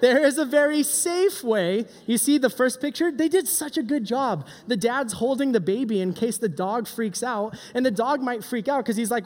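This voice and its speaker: A middle-aged man giving a joking, animated youth sermon as a pastor. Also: very high-pitched, normal speed, hardly any pauses. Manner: joking, animated, does silly voices. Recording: long hall reverb.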